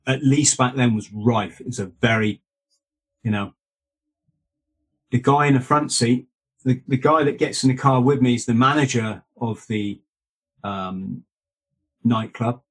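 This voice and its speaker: Husky man telling stories. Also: medium pitch, measured pace, long pauses. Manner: restarts and asides, self-correcting. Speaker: guest, author. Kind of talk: rambling anecdotal storytelling.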